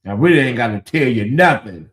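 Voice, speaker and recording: A man voicing a stern, dismissive older church bishop with a flat, defiant drawl. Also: medium pitch, fairly quick, voice pushed down, close to an everyday voice.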